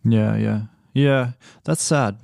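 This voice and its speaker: A man hosting an interview podcast, reflecting on his guest's stories in a measured, thoughtful way. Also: mid-range voice, gravelly, a little mellow, dry recording, clean studio sound. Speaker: podcast host. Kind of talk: conversational interview.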